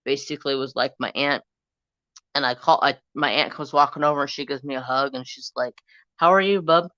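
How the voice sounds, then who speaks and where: A man's voice: medium pitch, little pitch movement, fairly quick, pushed and bright, dry recording, highs cut off. A man hosting a casual crafting live stream, rambling through a story and getting heated as he retells an argument.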